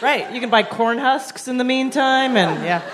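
A woman's voice: high voice, lively intonation, moderate pace, over a noisy crowd, heavy background noise. A woman comedian guesting on a live podcast, telling a story in a dry, wry way. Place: live stage before an audience.

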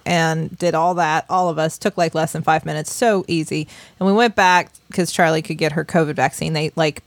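A woman's voice: low-pitched, creaky, dry recording. A woman, co-hosting a podcast as a casual chat, telling a story with lots of laughs and acted-out quotes. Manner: animated storyteller, laughs often, acts out quotes. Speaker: podcast co-host.

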